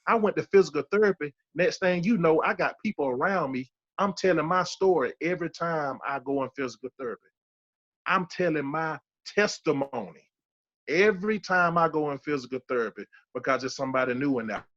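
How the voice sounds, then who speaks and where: A man's voice: fairly high pitch, moderate pace, fairly bright tone, lo-fi sound. A man in his thirties telling his personal survival testimony as a podcast guest, emphatic and repeating key phrases for weight. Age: 30s.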